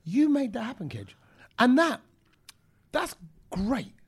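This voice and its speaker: A man co-hosting a podcast, chatting casually and teasing his guests with quick banter. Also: very high voice, wildly swooping pitch, slightly rough. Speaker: podcast co-host. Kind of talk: casual chat.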